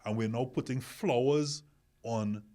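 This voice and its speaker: There's some background noise as this podcast host, a man with a mid-range voice, talks in an unhurried way. In the casual discussion he poses questions and pushes his point through repetition.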